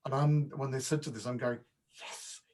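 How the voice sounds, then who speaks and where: A man who works as a voice and dialect coach, talking casually as a podcast guest and stumbling over quick restarts. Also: mid-range voice, steady tone, a little mellow, slight background noise. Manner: chatty, with frequent false starts and repeats. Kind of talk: casual interview chat.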